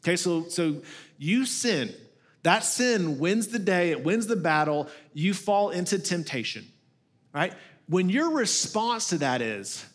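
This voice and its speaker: Lead pastor, man in his thirties, light high voice, chatty storyteller in the pulpit. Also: lively intonation, unhurried, fairly bright tone. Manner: storytelling, conversational, acts out quoted voices. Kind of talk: sermon.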